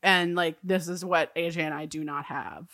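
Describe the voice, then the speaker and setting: A woman's voice: low voice, steady tone, moderate pace, fairly bright tone, dry recording, studio quality. Chatty woman recapping a show. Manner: chatty, laughs often, lots of fillers. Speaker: podcast co-host. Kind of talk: casual chat recapping a TV episode.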